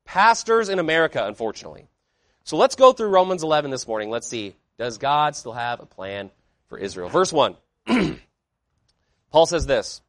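A man preaching a sermon with an animated, fairly high voice that rises and falls widely. He drives his points with emphatic declarations, rhetorical questions and sudden quiet asides. The sound is close and dry, with no room echo. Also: normal speed. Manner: asks the congregation rhetorical questions. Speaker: pastor.

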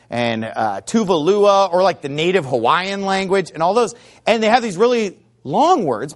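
Animated high-voiced man lecturing. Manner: animated, chatty, imitates sounds. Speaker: teacher. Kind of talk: informal lecture. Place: Arizona.

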